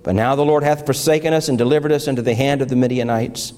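A middle-aged pastor with a medium-pitched, slightly mellow voice preaches fast and with fairly even intonation. He reads scripture aloud and describes his morning, rising into emotional, fervent swells.

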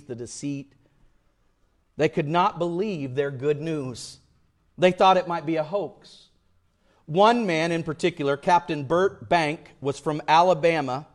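A male pastor delivering a sermon, swinging between loud declarations and quiet, hushed storytelling. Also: on the high side.

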